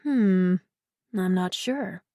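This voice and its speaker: A woman voicing a charming, mischievous young man in a romantic mystery audiobook, speaking softly and teasingly. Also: high-pitched, very slow, dry recording, studio quality, heavily acted. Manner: soft, teasing, drawn out.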